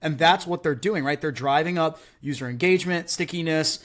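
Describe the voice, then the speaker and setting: Animated male podcast host. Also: a little high, a little fast. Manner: animated, heavy use of "like" and "right?". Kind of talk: casual podcast chat.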